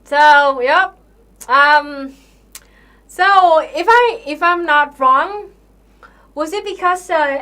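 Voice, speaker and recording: A young woman with a high voice chats unhurriedly on her live stream. She pads her talk with fillers, drifts off mid-thought, and slips into sarcastic disbelief, with the odd swear word. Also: bright, forceful tone. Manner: chatty, full of fillers, incredulous and sarcastic, swears. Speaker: livestream host answering viewer questions. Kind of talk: casual live-stream chat.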